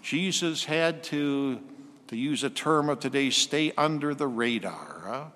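A man preaching a sermon, slowing and softening his voice when he quotes scripture. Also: mid-range voice, lively intonation, in a large hall.

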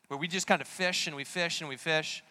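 A preacher delivers a conversational, casual sermon packed with rhetorical questions. His voice is on the high side and sharp, with a steady tone and a slightly fast pace.

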